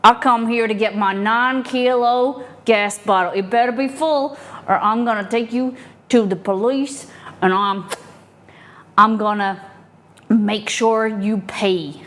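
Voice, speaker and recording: A woman's voice: fairly high pitch, fairly even intonation, slow pace, fairly bright tone. A woman voicing a blustery, swaggering cowboy customer in a put-on cowboy drawl, talking tough and threatening.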